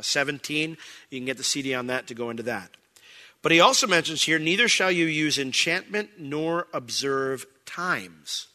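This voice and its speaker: A man preaching a sermon, conversational at times and rising to loud, emphatic bursts. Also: on the high side. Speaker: pastor. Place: church sanctuary.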